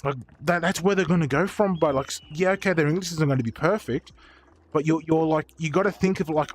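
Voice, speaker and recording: A man's voice: a little high, a little fast. A man chatting casually on a livestream, rambling and swearing freely, with lots of fillers and restarts. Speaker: streamer. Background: faint background beats.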